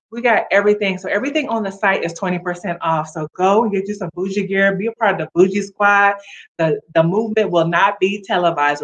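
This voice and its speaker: A woman hosts a motivational livestream, speaking directly to viewers in a casual, upbeat, somewhat preachy way. Her voice is mid-range, and the audio has its highs cut off.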